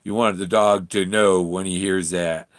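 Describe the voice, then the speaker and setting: A man's voice: deep voice, steady tone, unhurried. A man vlogging from a campsite in a casual, rambling way, chuckling often and trailing off mid-sentence. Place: outdoor campsite.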